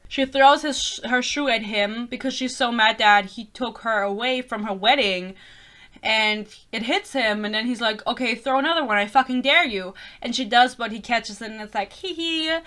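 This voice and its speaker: A woman's voice: medium pitch, bright, forceful tone. A young woman ranting casually about a book, sarcastic and giggly, mocking the characters in put-on voices. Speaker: book reviewer.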